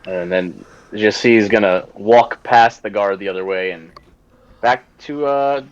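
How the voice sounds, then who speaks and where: A man's voice: lowish voice, measured pace, no room sound. A man playing in a tabletop game, describing his character's actions in a rambling way with many fillers. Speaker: player. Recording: dull lo-fi mic.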